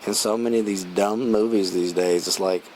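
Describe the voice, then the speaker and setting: A man with a lowish voice talks through a film review in a loose, rambling way, restarting sentences and chuckling as he retells scenes. A faint hum of room ambience sits behind him. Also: steady tone, a little fast, a little mellow, low-quality recording. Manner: rambling, chatty, many restarts and fillers. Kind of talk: casual spoken film review.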